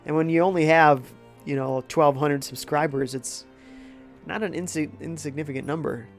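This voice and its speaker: A man's voice: on the high side, steady tone, moderate pace, soft background music. A young man with a congested, sick-sounding voice, casually chatting while playing a game and reading out viewer comments. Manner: laid-back, reads chat aloud. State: congested from a cold. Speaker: game streamer.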